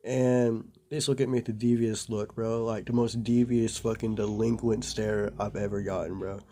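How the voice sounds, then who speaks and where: A man's voice: lowish voice, level tone, moderate pace, dark tone. A young man casually telling a rambling story to the camera, full of filler words and slang. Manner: rambling, laid-back, lots of "bro" and "like". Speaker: vlogger.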